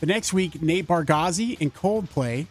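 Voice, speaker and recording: A man's voice: fairly high pitch, lively intonation, a little slow, slightly rough, faint music behind. A man co-hosting a morning radio show, talking in a laid-back, rambling way. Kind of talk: casual radio banter. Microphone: studio microphone.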